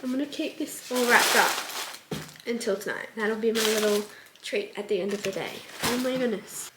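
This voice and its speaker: A woman's voice: fairly high pitch, normal speed, low-quality recording. A young woman chatting casually to the camera in an upbeat, gushing vlog. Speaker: vlogger. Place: outdoors in a park, then at home.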